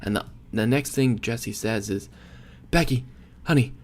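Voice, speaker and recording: A young man co-hosting a podcast, casually recapping a sitcom episode with animated retellings and quick acted-out quotes. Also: lowish voice. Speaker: podcast co-host.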